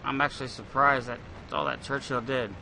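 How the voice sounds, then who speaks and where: A man's voice: mid-range voice, little pitch movement, fairly quick, creaky, background noise. A man hosting a gaming channel, giving loose, rambling gameplay commentary with the odd curse. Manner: rambling, profane, thinks aloud.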